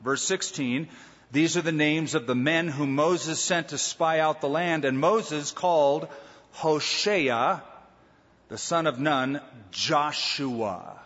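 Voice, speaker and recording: A man from Southern California preaching an expository sermon with emphatic, drawn-out teaching delivery. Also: on the high side, fairly bright tone. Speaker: pastor. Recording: dull lo-fi sound with long hall reverb.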